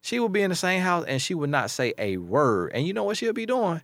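A man's voice: sits high, big pitch swings, brisk, fairly bright tone, no room sound, studio quality. A man who works as a life coach, talking casually and bluntly, hammering points home by repeating them. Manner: emphatic, repeats key phrases, blunt street-talk advice. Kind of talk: casual advice commentary.

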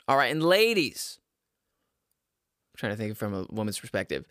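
A man's voice: lowish voice, very animated, normal speed, fairly bright tone, no echo, studio quality. A man in his twenties rambling crudely at home to his viewers, often laughing at his own jokes and stumbling over his words. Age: 20s. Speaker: vlogger giving dating advice. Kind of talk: casual rambling monologue to camera.

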